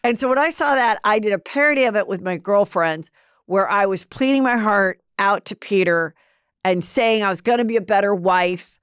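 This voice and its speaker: Chatty woman podcast host, smooth voice. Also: normal speed, a bit bright, no echo, clean studio sound. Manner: chatty storyteller, acts out quotes in higher voices. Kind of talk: casual gossip chat.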